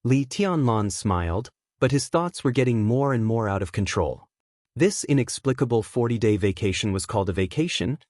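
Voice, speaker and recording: A man narrates a martial-arts fantasy audiobook in a steady, even reading voice. His pitch sits right in the middle. The recording is dry and close, with no room sound at all. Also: no echo.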